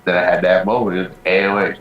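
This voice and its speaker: A man with a lowish voice rambles through a story in casual podcast chat. He swears constantly and fills his sentences with "bro" and "like". The room around him is noticeably echoey. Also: flat delivery, fast, highs cut off. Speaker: podcast co-host.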